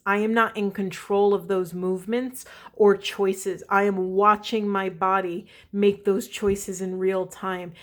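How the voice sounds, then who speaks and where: A woman giving an earnest, reflective spiritual reading, partly a guided meditation, who often checks in with her listeners and draws out key words. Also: mid-range voice. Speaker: spiritual reader and coach.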